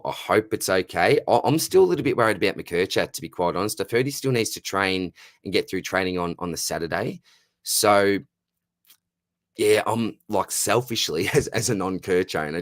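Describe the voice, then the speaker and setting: A young Australian man hosts a fantasy football livestream, answering viewers in a relaxed, matey way. His voice sits very low. The sound is dry and close with no room echo. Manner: chatty, says "mate" constantly, greets viewers by name. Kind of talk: casual livestream chat reading viewer comments.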